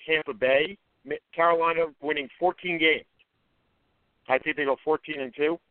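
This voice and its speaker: Guy on sports radio, slightly high voice, sure of his picks, thin phone-line sound, dry. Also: smooth, dry recording. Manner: confident, rattles off predictions, corrects himself mid-sentence. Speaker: radio sports show co-host.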